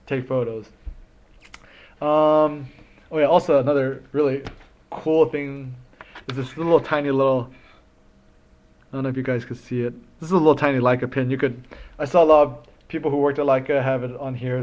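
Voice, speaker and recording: A man's voice: medium pitch, darkish tone. A young man in his twenties chatting casually in a vlog, rambling and enthusiastic with lots of ums as he goes through things. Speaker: photography vlogger. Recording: slightly dull lo-fi sound.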